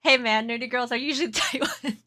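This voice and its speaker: Giggly female streamer, bright, fairly high voice, casual chat with viewers. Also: fairly even intonation, a little fast. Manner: giggly, laughs often, flustered and chatty.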